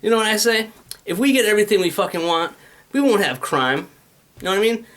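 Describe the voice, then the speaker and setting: A man's voice: sits high, animated, fast, a bit bright. A man in a casual, rambling rant, swearing often and restlessly jumping between ideas. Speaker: vlogger pitching his venture.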